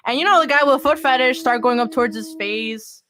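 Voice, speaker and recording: A woman's voice: fairly high pitch, fairly quick, sharp tone. A woman co-hosting a casual podcast chat, talking freely with lots of "like" and "you know". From Miami area. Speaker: podcast co-host.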